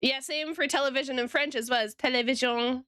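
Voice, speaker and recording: A woman's voice: sits high, fairly even intonation, fairly quick, bright, forceful tone, no room sound, clean studio sound. A woman streamer chatting casually with her viewers while she draws, giggling often and talking straight to chat.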